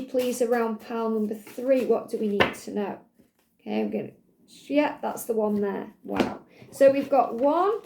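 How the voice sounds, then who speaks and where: High pitched lady reading cards to viewers, soothing and repetitive, roomy echo. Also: darkish tone, slight background noise. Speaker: tarot card reader. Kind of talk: guided card reading to viewers.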